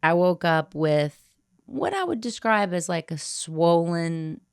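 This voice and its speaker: Low gravelly woman, casual podcast chat. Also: very animated, takes it slowly, dry recording, studio quality. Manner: blunt, crude, laughing. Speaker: podcast co-host.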